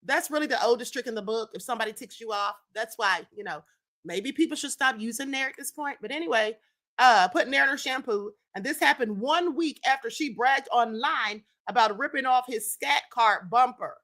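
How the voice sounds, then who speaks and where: Woman, live-stream host, sassy gossip talk, high voice, calls people honey. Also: a bit bright. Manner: sassy, calls viewers "honey" and "child", drawn-out exclamations. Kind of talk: casual gossip commentary.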